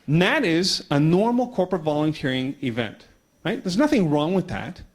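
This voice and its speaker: A man telling a story at a conference talk, brisk and animated. He slips into the voices of the people in his tale, then slows himself down for the audience. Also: a little high. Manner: animated storyteller acting out dialogue; quick pace with slowing down. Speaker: conference speaker.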